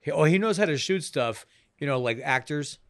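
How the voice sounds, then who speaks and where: A man's voice: a little high, lively intonation, dry recording. Brief: male podcast co-host, dry close sound, joking banter. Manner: joking, quick quips. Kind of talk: casual film podcast chat.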